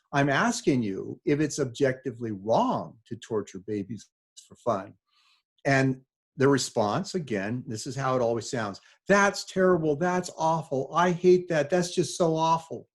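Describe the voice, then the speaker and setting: A man's voice: mid-range voice, husky. An older man giving a talk to students, telling stories with quoted dialogue in a conversational, emphatic way. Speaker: speaker at a talk. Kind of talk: lecture to students.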